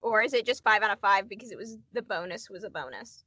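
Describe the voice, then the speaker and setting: A woman's voice: medium pitch, expressive, quick pace, sharp tone, dry recording. A woman co-hosting a podcast, chatting casually with lots of fillers and quizzing her co-host. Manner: chatty, filler-heavy, runs quiz questions. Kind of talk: casual chat.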